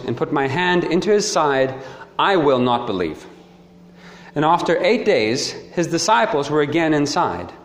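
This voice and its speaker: A man preaching a sermon, reading scripture and arguing his point in an emphatic, lively way with short laughs. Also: on the high side. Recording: echoey hall with long reverb.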